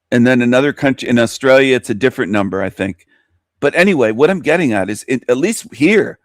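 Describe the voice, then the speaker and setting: A furious man on his radio show, cursing and circling back to his point. His voice is mid-pitched and sits in a dry, close recording with no room sound. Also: no room sound. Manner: heated, swearing, repeats himself. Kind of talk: angry profane radio rant.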